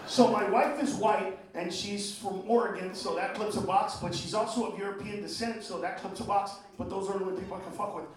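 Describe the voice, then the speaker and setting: A man from Honduras doing a brash, profane stand-up set, swinging between shouts and low mutters. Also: fairly even intonation, fairly quick, hardly any pauses, far from the mic. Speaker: stand-up comedian. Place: comedy club stage. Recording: roomy live club recording with crowd noise.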